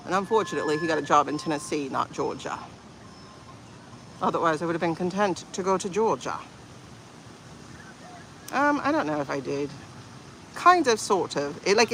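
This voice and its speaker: A woman's voice: deep voice, slight background noise. A woman hosting a casual livestream, chatting in a rambling, playful way with lots of asides. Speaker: livestream host.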